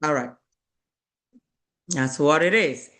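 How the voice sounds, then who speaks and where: A woman's voice: deep voice, slow pace, a bit bright. A woman, an Igbo speaker, teaching a beginner Igbo lesson in English, patiently repeating words and checking that students follow.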